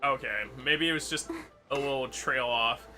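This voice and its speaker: A man's voice: mid-range voice, moderate pace, music in the background. A man hosting a gaming channel, chatting through gameplay with wry jokes about the characters. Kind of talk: casual gameplay commentary.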